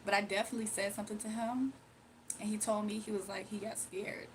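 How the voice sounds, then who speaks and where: A woman's voice: mid-range voice, little pitch movement, fast, a little hiss or hum, rough recording. Tired young woman rambling on her stream, confiding, kinda slangy. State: sleepy and tired. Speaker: livestream host. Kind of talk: casual storytelling on a livestream.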